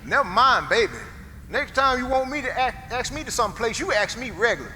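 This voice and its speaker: Stage play: actor as an older chauffeur, firm and plain-spoken, lively high voice, roomy hall. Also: male voice, brisk, slight background noise, exaggerated voice. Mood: indignant. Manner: plain-spoken, dialect speech, firm and coaxing. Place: theater stage. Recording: stage play in a reverberant auditorium.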